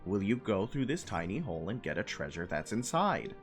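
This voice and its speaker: Man reading a bold young female game thief, sly and coaxing, lively pitch swings. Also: fairly quick, slightly rough, soft background music, full character voice. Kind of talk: reading game dialogue aloud.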